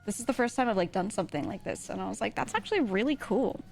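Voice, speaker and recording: A woman's voice: medium pitch, lively intonation, fast talker, vocal fry, soft background music. A woman streamer in casual chat, giggly and full of fillers, her voice strained and irritated. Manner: chatty, giggly, lots of fillers.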